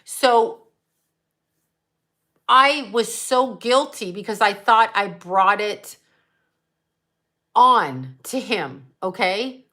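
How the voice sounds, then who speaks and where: On her psychic medium livestream, a middle-aged American woman speaks directly to viewers while sharing a personal story. Her mid-range voice sounds bright and clear, and she wanders from point to point with strong emotion.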